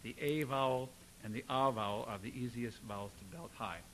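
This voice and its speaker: A man teaching a belting lesson, energetic and calling out exercises to demonstrate. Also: mid-range voice, brisk, slight background noise, poor audio. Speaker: singing teacher. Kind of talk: vocal coaching lesson.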